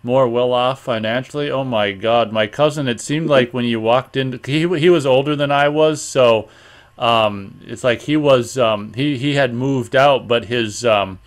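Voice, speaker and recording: A man's voice: medium pitch, measured pace. A man in his forties from Minnesota, chatting in an easygoing way, thinking aloud and swearing mildly. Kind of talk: casual chat.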